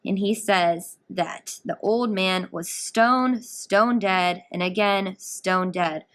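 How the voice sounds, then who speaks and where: A woman English teacher giving a recorded guided reading lesson, explaining a story in an animated, explanatory way. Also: mid-range voice, slow pace.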